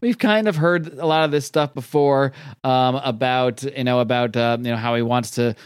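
A man's voice: medium pitch, moderate pace, clean tone, no echo, clean studio sound. A man casually recapping a comic book in a loose, rambling, profane way.

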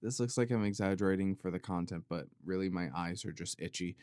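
A man's voice: deep voice, fairly quick, no echo, clean studio sound. Rambling profane podcast host, man. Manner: rambling, tangent-prone, profane, animated. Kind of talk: casual podcast monologue.

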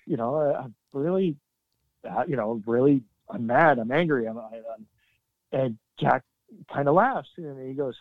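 Middle-aged man, ex-soldier guest, candid and halting, dry narrow phone-like audio. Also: medium pitch, dry recording. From Canada. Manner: earnest, halting, with sudden emphatic bursts. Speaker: military veteran guest. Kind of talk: candid interview storytelling. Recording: dry, tinny phone-like line.

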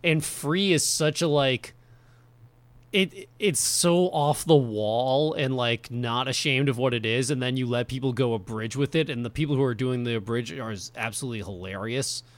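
A man's voice: mid-range voice, normal speed, dry recording. A man talking loosely as a podcast co-host, his voice sitting in a middle register. He rambles, stacks up fillers and laughs often. The sound is dry and close, with little room around it. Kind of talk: casual chat.

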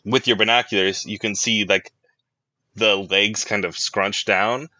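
Give me a giggly game master, a man with a bright voice and a dry, dull recording. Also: on the low side, fairly even intonation, a little slow, no room sound. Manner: laughs often, hesitant with many "uh" and "like". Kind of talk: narrating a tabletop game.

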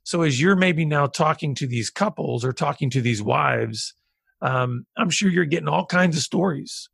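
A man's voice: on the high side, moderate pace, vocal fry, fairly bright tone, husky, no echo, clean studio sound. A man hosting an interview, asking long, thoughtful questions. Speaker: podcast host.

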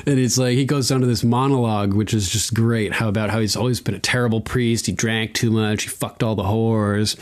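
A man casually recapping a TV episode on a podcast, with loose, profane asides, laughs, and quick acted-out quotes. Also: fairly low pitch. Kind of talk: casual chat.

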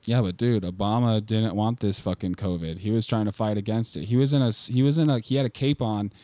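A man co-hosting a podcast who rambles and swears freely, peppering his talk with "like" and "dude". His voice is fairly low and dark-toned. The recording is dry and close. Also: brisk, no echo. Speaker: podcast co-host. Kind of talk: casual profane podcast banter.

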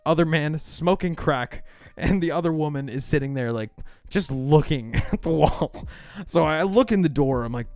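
A man's voice: a little high, lively intonation, moderate pace, a little mellow, dry recording. A man co-hosting a podcast, telling stories in casual chat, swearing often and laughing as he acts out what people said. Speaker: podcast co-host.

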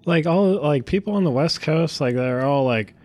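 A man's voice: fairly high pitch, animated, moderate pace, a little mellow. Laid-back man, podcast host. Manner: laid-back, mumbling, backpedals. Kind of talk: casual chat.

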